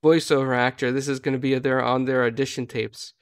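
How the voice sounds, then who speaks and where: A man hosts a relaxed interview and rambles amiably through his questions. His voice is smooth and clean, and the recording is dry and close. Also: mid-range voice, fairly quick, dry recording. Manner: easygoing, rambling. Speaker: host. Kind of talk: casual interview chat.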